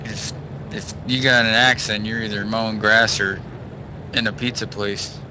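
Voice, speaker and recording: A man's voice: fairly low pitch, little pitch movement, normal speed, noisy background. A man from northwestern New Jersey, co-commentating a sim race in a laid-back way with dry jokes. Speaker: race co-broadcaster.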